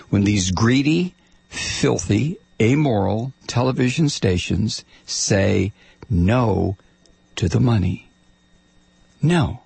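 A man's voice: medium pitch, husky, dry recording. A middle-aged man hosting a political commentary rant, angry and sarcastic, stammering repeats when heated. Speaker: commentary show host.

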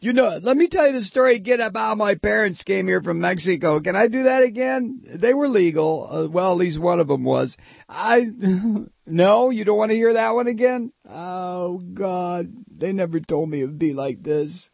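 A man's voice: high voice, expressive, normal speed, vocal fry, no room sound, lo-fi sound, pitched above the performer's own voice, full character voice. A man putting on a flustered, self-pitying official who pleads that he cannot remember, in a mocking impression. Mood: whiny.

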